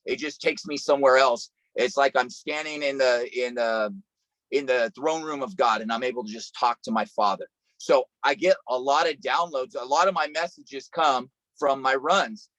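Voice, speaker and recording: A man's voice: medium pitch, moderate pace, fairly bright tone, dry recording, rough recording. A man preaching a sermon over a video call, telling a story in an earnest way and often repeating and restarting phrases. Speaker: pastor.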